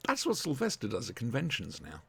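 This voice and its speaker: Man, podcast host, lively swooping delivery, jokey, rambling, casual chat. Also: mid-range voice, a little fast, creaky, breathy edge.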